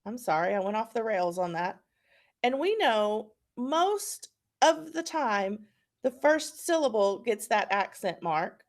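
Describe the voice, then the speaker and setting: A woman's voice: a little high, sing-song, slow pace. A woman with an Oklahoma accent teaching a phonics lesson, patiently repeating words for students to practice.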